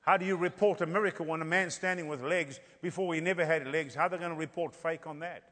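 A man with an African accent preaches a sermon in a hall with long reverb, his voice on the high side, steady, fast, pushed and bright. He tells stories and builds to fervent emphasis.

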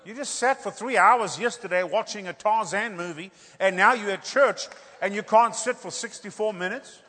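A male preacher giving a humorous sermon, animated and joking, often tossing out a rhetorical "hello?" for laughs. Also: sits high, normal speed, in a large hall.

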